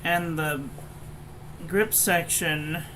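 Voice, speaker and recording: A woman's voice: on the low side, steady tone, drawn-out words, noisy background. A woman giving a casual, blunt and frankly profane review of pens and paper. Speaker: stationery reviewer.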